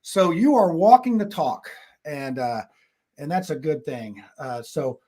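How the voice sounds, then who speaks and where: A man's voice: on the high side, expressive, a little slow, mellow. Rambling, chuckling male host. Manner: rambling, chuckling, full of fillers. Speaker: talk show host. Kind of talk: casual live show chat.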